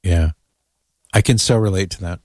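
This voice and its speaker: Male radio host, lowish voice, chatty and amused, dry close studio sound. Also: normal speed, a little mellow, no room sound, shouting. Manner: chatty, amused, reads listener emails aloud. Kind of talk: casual radio talk.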